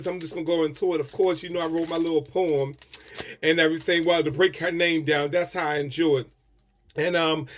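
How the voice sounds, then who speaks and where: High-voiced guy doing an emotional tribute vlog, expressive, teary. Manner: heartfelt, expressive, talks straight to camera. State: tearing up. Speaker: vlogger. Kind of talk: emotional personal tribute video.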